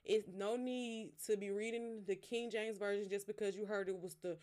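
A woman with a mid-range voice hosts a podcast and teaches in a casual devotional style. She sounds relaxed and conversational, speaks straight to her listeners, and pauses to unpack the meaning of single words. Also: medium pitch. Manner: stops to explain words one by one. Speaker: podcast host.

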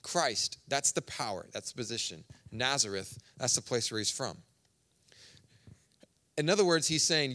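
Conversational male preacher, loud then hushed. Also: medium pitch, animated, moderate pace, long pauses. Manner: conversational, storytelling preaching with sudden swings between loud and soft. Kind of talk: sermon.

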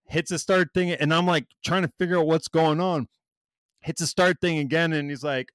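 This man's voice is fairly high and his pace normal, recorded dry at studio quality. His casual storytelling is lively and profane, and he acts out other people's words as he goes.

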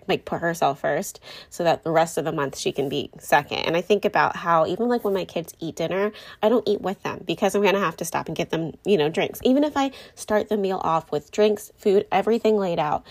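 A woman's voice: lowish voice, a little fast, hardly any pauses. A young woman, a mom, talking candidly and rambling a little to her viewers, often correcting herself mid-sentence. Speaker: mom vlogger. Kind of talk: casual talk to camera.

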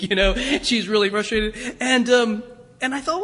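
A man's voice: extremely high pitch, moderate pace, pushed and bright. A man preaching a storytelling sermon in a church, chatty and hesitant, full of fillers and restarts. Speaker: pastor. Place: church sanctuary. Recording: long reverb of a church hall.

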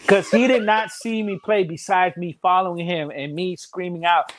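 A man telling loud, animated stories from a game in casual podcast chat, laughing often and swearing freely. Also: sits high, normal speed.

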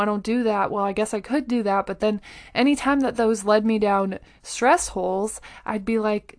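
A woman's voice: medium pitch, dry recording, clean studio sound. A woman hosting a motivational talk, conversational and encouraging, who keeps checking in with her listener. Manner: earnest and encouraging. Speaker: motivational podcast host.

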